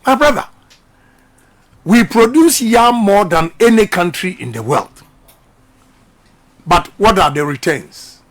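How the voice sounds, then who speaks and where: A middle-aged politician from Ghana talks slowly in a high voice with big swings in pitch, pausing often. During this radio interview he speaks emphatically and repeats his points like a preacher.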